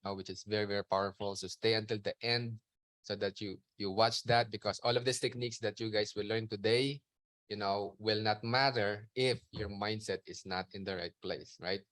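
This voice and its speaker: A man with a fairly low voice co-hosts a live podcast chat. He plugs the show in an upbeat, promotional way. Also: steady tone, moderate pace, a bit bright. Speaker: podcast co-host.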